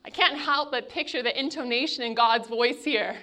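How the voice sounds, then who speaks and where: A woman preaching a sermon, with dramatic pauses as she retells a scripture story. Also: a little high, steady tone, sharp tone.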